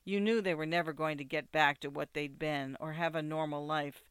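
A man's voice: fairly high pitch, steady tone, moderate pace, a bit bright, clean tone, no room sound, clean studio sound, close to an everyday voice. A man voicing a young woman, an urgent and protective friend, talking in a pleading, insistent way. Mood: earnest.

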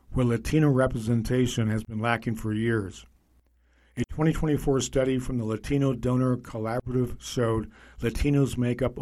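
A man narrating a magazine feature in a measured, scripted reading voice. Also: mid-range voice, darkish tone.

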